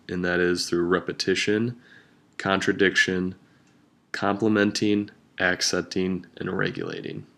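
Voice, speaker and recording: A young man giving a class presentation, speaking slowly and hesitantly with frequent ums. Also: sits low, a bit bright. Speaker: student presenter.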